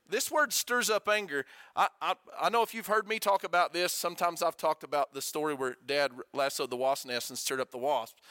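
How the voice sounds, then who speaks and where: A middle-aged man preaches in a high, bright, forceful voice. He talks conversationally, tossing rhetorical questions at his listeners and sinking to a quiet hush to drive points home. The sound is dry and close. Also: no room sound. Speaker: pastor. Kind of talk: sermon.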